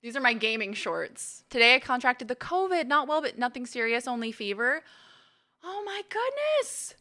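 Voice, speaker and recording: Woman streamer, chatty and playful, bright forward voice, slightly higher pitch, greets chat by name. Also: lively intonation, fairly quick. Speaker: gaming streamer. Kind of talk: casual live-stream chat.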